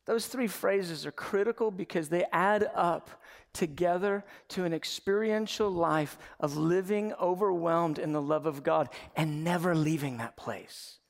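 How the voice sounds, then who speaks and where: Male pastor, gravelly and fairly high, animated sermon delivery with humor. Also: big-room sound. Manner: animated, humorous preaching with quick asides.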